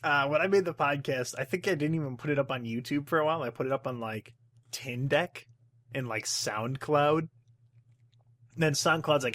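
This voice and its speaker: A man's voice: mid-range voice, moderate pace, a bit bright, no echo. A young man hosting a podcast in casual chat, rambling and swearing freely. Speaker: podcast host.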